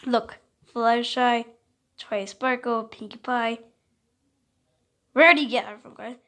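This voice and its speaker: A woman casually reacting to a video, talking in a halting, distracted way. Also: on the high side, fairly even intonation, fairly bright tone.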